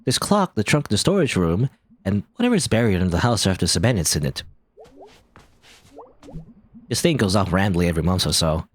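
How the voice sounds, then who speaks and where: Sulky sarcastic young woman, read by a man, deadpan, lively pitch, game playthrough. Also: a little fast, long pauses. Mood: musing.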